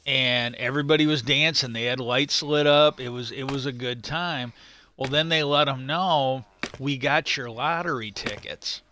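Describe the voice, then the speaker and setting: A middle-aged man talks on a live game stream in a relaxed, rambling way, often circling back and restarting his sentences. His voice sits at an ordinary pitch but has a bright, forward edge. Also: moderate pace. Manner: rambling, stop-start storytelling. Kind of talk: casual live-stream chat while gaming.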